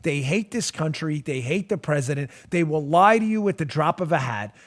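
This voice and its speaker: A fired-up man hosting a political talk show, his voice pitched high for a man. He hammers the same questions again and again and lets his frustration spill over. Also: lively intonation, normal speed. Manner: emphatic, repetitive rhetorical questions, bursts of frustration. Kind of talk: heated political commentary.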